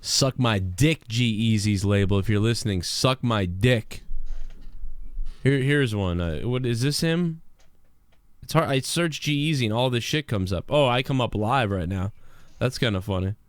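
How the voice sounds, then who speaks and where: A man's voice: medium pitch, a little slow, no echo. A man hosting a livestream show, ranting in a brash, profane, rambling way. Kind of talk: ranting live commentary.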